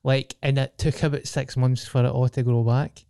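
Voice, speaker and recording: A man's voice: medium pitch, level tone, moderate pace, vocal fry, dark tone, smooth, dry recording, studio quality. A young Scottish man telling rambling, sweary stories in a casual podcast chat. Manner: rambling, sweary storytelling with frequent restarts.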